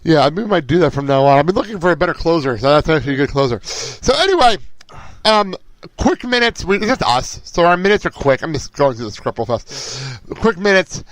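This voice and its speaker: A man hosting a casual movie podcast, excitable and often laughing, sometimes losing his train of thought. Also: a little high, fairly quick, no echo, low-quality recording. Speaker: podcast host.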